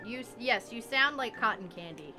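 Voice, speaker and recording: Blunt, joking woman with a higher voice. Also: expressive, moderate pace, music in the background. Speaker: co-host of a gaming stream. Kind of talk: casual let's-play chat.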